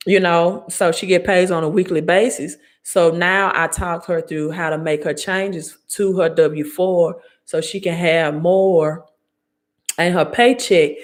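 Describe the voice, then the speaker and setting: A woman in her forties with a Southern Mississippi accent, giving an emphatic, preachy live-stream talk on money and business, repeating her key points. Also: sits low. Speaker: credit and finance coach. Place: home, live video.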